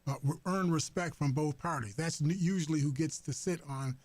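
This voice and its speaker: Halting man hosting talk radio. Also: on the high side, a little mellow, dry recording. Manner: halting, many fillers and restarts. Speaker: radio host. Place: radio studio. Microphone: studio microphone.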